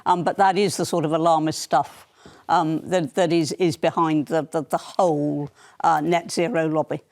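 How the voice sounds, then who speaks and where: A woman's voice: low voice, fairly even intonation, normal speed, darkish tone. Blunt older woman pundit. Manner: blunt, emphatic, dismissive. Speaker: panel guest.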